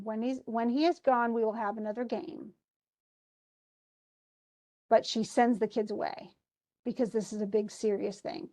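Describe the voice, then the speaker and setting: A literature teacher with a slightly high voice and dark tone leads a class through a play scene, speaking at a measured pace with frequent pauses and fairly even intonation. She reads the characters' lines aloud, breaking off for explanations, asides and restarts.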